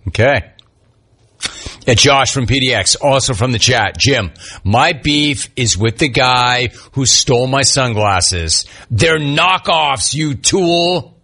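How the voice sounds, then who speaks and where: A male sports talk host reads out listener complaints one after another, tossing in quick wisecracks. His delivery is slow and easygoing, and his voice has a bright, forward edge. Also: mid-range voice, breathy edge. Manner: wisecracking, riffs on each message. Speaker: sports radio host reading listener messages. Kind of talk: casual sports talk show chat.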